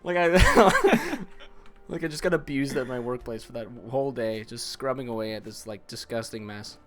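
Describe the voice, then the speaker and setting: A young man from Ontario in casual chat, telling animated stories full of swearing, laughter and acted-out quotes. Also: medium pitch, a little fast, soft background music. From Ontario, Canada.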